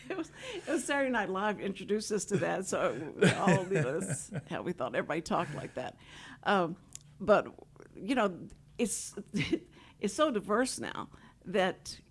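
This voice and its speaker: A woman's voice: mid-range voice, big pitch swings, normal speed, breathy edge. A woman from Houston hosting a talk show, rambling and laughing often as she chats with guests. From Houston, Texas. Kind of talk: casual chat. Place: radio studio.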